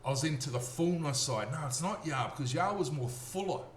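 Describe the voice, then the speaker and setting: A man's voice: fairly high pitch, lively intonation, brisk. Earnest Australian man in a roomy echo. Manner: earnest, repetitive, checks in with "okay?". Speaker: storyteller. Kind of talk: rambling personal testimony. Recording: roomy echo, faint noise.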